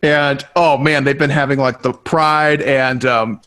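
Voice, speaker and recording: A man's voice: medium pitch, fairly even intonation, a little slow, a bit bright. A man co-hosting a casual podcast, telling stories eagerly with lots of fillers. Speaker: podcast co-host.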